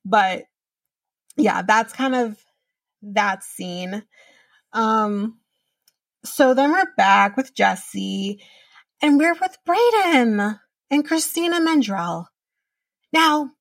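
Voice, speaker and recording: A woman's voice: mid-range voice, a bit bright, dry recording, far from the mic. A woman hosting a podcast, recapping a reality show in a chatty way, swearing casually and using lots of fillers. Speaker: podcast host.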